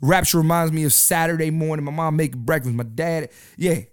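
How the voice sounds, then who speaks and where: A man's voice: on the high side, steady tone, a little fast, clear, resonant tone. A man hosting a solo podcast, talking loosely in slang and often repeating his phrases. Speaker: podcast host. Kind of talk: casual solo podcast chat.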